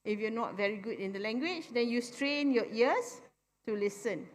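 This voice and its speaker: Forum speaker: a woman with a Malaysian English accent and a slightly high voice, animated, leans on "right?" tags. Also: moderate pace, a little hiss or hum. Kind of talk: live forum talk. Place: convention centre forum stage.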